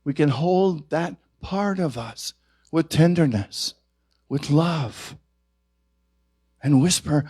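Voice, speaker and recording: A male minister giving a sermon at a church service, gentle and reflective, his voice rising to stress key points. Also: mid-range voice, slow, no room sound, studio quality.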